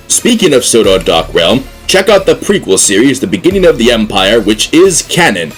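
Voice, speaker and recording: A man's voice: medium pitch, sing-song, normal speed, few pauses, breathy edge, faint music behind. A man hosting a scripted fan talk show with an upbeat announcer manner.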